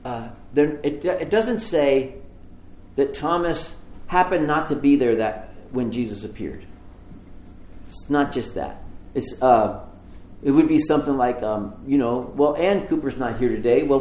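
A male pastor preaching a sermon, telling the story with animated voices for the people in it. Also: medium pitch, reverberant. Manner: animated storytelling, acts out dialogue.

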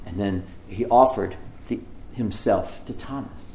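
A male pastor preaching a sermon, telling the story with animated voices for the people in it. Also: lowish voice, measured pace, roomy sound, a little hiss or hum. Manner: animated storytelling, acts out dialogue.

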